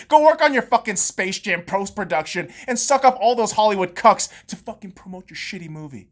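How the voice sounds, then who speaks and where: Woman ranting with a swooping pitch. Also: lively intonation, a little fast, few pauses. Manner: profane, heated ranting with sarcastic asides. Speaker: podcast host. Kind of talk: sports rant on a podcast.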